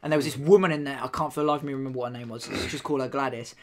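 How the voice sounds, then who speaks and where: A man's voice: mid-range voice, fairly even intonation, very fast. A man co-hosting a podcast, rambling through crude stories in casual banter and swearing freely. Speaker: podcast co-host.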